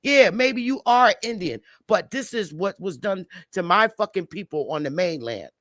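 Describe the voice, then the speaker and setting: A woman's voice: medium pitch, expressive, normal speed, a bit bright, dry recording. A woman speaking as a panelist on a live stream, delivering a heated, blunt and profane rant over a video call. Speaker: livestream panelist.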